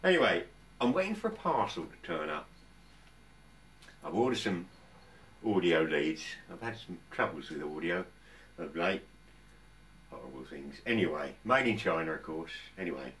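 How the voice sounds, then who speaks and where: An older English man chats in his workshop, his low voice rising and falling a great deal as he wanders from point to point. He pauses and restarts often, and he sounds set back a little from the mic. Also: fairly bright tone, distant mic. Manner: rambling, chatty, stops and restarts often. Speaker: vlogger. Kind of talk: casual workshop chat to camera. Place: home workshop.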